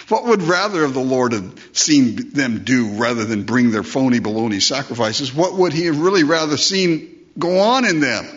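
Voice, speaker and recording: A pastor preaches a conversational sermon, posing rhetorical questions and acting out the voices of those he quotes. His voice is mid-range and fairly bright, at a moderate pace, and the sermon recording sounds dull and lo-fi.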